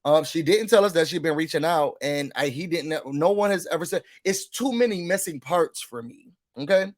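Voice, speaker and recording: A man giving casual recap commentary on a reality show, sassy and animated, repeating words for emphasis. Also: fairly high pitch, moderate pace.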